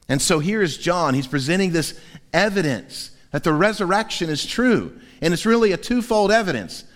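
A man delivers a sermon from the pulpit, his voice sitting a bit high for a man. He is animated and playful, slipping into quoted voices for humor. The sound carries a long church-hall reverb. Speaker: pastor. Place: church sanctuary.

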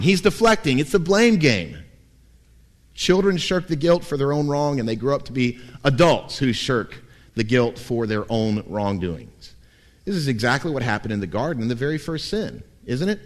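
Animated man preaching a sermon. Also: on the high side, moderate pace. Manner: animated preaching with wry humor. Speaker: pastor.

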